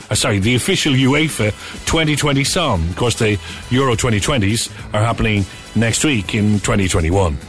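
A man's voice: medium pitch, a bit bright. A man presenting a radio show in a chatty manner, with wry asides. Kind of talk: casual radio chat.

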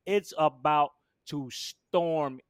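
A man telling a long personal story in a casual interview, animated and acting out what people said. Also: drawn-out words, smooth, dry recording, clean studio sound. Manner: animated, acts out quotes with big jumps in pitch and volume. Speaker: guest.

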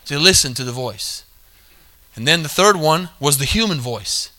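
Man preaching, high voice, very bright and forceful tone, calls for amens, repeats himself. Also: animated, normal speed. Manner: calls for amens, repeats points, corrects himself mid-sentence. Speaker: pastor. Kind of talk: sermon.

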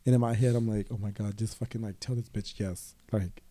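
A man's voice: lowish voice, a little fast, slight background noise. A man telling a personal story in casual chat, swearing often and acting out other people's voices. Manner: animated, profane, quotes others in voices. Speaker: guest.

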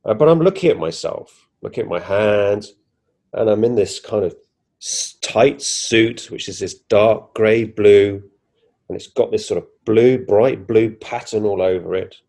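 A man's voice: fairly low pitch, unhurried, gravelly, a little mellow. A man, a podcast guest animatedly retelling a personal experience, acting out his own reactions with frequent restarts. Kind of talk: casual first-person storytelling.

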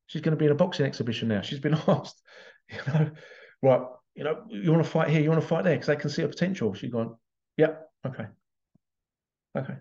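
A man's voice: on the high side, darkish tone, highs cut off. A man telling a story as a parent in a casual motivational talk, acting out the voices of the people in it. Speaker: parent giving life advice.

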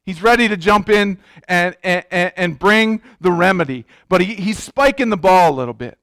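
A man's voice: sits high, animated, normal speed, fairly bright tone, dry recording, clean studio sound. A man preaching a sermon as pastor, emphatic, repeating words and restarting his sentences.

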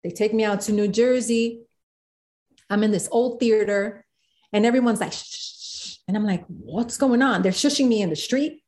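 A woman, a guest in an interview, telling a story with animated quoted voices. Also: mid-range voice, normal speed. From South Bronx, New York. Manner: animated, acts out quotes of others.

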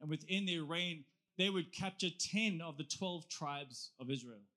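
A male preacher with a high, bright voice delivers a sermon. He is lively and casual, and he throws questions at his listeners with an animated, chatty energy. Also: unhurried. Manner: lively, conversational, asks the audience questions.

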